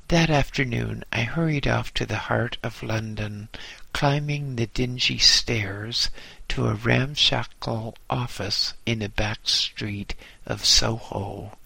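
Gravelly man reading a memoir. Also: medium pitch, slow pace, bright, forceful tone, dry recording. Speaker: narrator. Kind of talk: audiobook narration.

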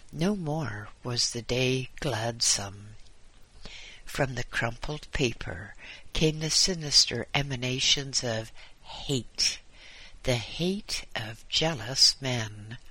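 A man reading an audiobook aloud as its narrator, in a measured, deliberate way. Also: mid-range voice, sharp tone, husky. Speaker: audiobook reader. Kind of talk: scripted narration.

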